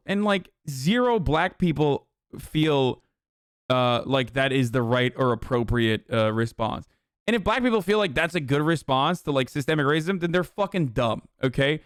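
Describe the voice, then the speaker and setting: A man's voice: medium pitch, expressive, normal speed, clean tone, no echo, studio quality. A man streaming live, reading text aloud and reacting with blunt, profane, exasperated rants.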